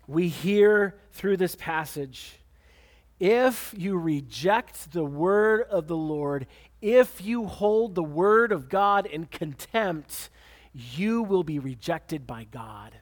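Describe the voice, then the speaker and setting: Guy preaching a sermon, pretty high voice, emphatic, repeats himself when he gets going. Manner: emphatic preaching with repeated words and sudden pitch swings. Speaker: pastor.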